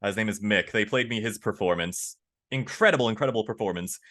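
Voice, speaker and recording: A man, a voice actor, chatting casually in an interview, animated and candid, laughing easily. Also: a little fast. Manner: animated, acts out quoted lines with big pitch jumps. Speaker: voice actor guest.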